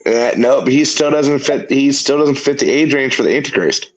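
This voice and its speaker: A man's voice: mid-range voice, normal speed, rough recording. A man hosting a casual political chat, stammering and restarting his sentences as he talks. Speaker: host.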